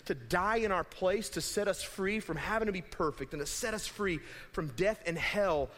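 A young adult man, a pastor, giving a conversational, animated sermon in a church and acting out imagined voices. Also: high-pitched, moderate pace. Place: church sanctuary. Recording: hall reverb.

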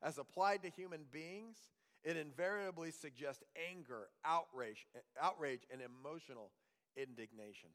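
Male pastor preaching, bit higher voice, earnest, lots of questions, long hall echo. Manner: earnest, rhetorical questions, drops to hushed reading. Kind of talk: sermon.

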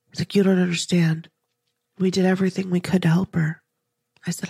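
A woman hosts her own podcast, sharing an emotional story up close to the microphone. Her voice is husky with a gravelly edge, and she keeps her delivery flat and even. The sound is dry and close. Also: lowish voice, normal speed, pauses often, no echo. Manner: earnest, intimate, slips into soft whispers when quoting herself. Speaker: podcast host.

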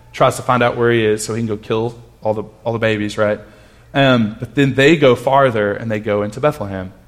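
A man in his thirties gives a conversational sermon at a mid-range pitch. He talks earnestly and stops to restart his sentences. At tender moments his voice drops to a hushed tone. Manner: earnest storytelling with frequent restarts. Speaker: pastor.

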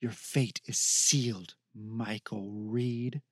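A man voicing a fire hellhound that speaks with a woman's cold voice, in slow, menacing pronouncements. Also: fairly low pitch, steady tone, husky, no room sound, studio quality, voice pushed down.

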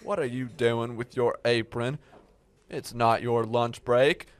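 Man as grumpy old diner manager, gruff, dismissive, flat slow drawl, smooth voice. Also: medium pitch, no echo, lightly acted. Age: older. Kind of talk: amateur comedy sketch acting.

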